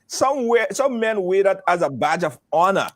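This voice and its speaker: A man's voice: high voice, sing-song, moderate pace, no echo, clean studio sound. A man hosting a live call-in show in a playful way, taking calls and laughing often. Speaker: host.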